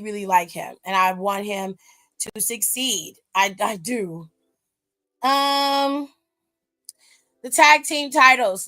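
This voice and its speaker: A woman's voice: mid-range voice, bright, forceful tone. A woman hosting a wrestling aftershow, recapping matches in a blunt, sassy, casual way full of slang.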